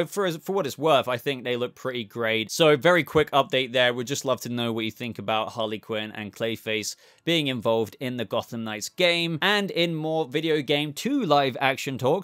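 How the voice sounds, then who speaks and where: A man's voice: mid-range voice, fairly bright tone, no room sound, clean studio sound. A man hosting a pop-culture news channel, talking chatty and upbeat with rambling asides. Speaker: channel host.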